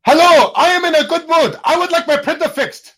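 A man's voice: extremely high pitch, fairly quick, fairly bright tone, pitched above the performer's own voice. A man voicing a stiff German male client in an exaggerated German accent, clipped and overly formal. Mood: insistently cheerful.

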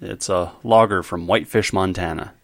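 A man's voice: sits low, steady tone, normal speed, creaky, dry recording, clean studio sound. A man co-hosting a podcast in casual, joking banter with friends. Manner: jokey, laughing, playful banter. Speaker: podcast co-host. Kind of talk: casual chat.

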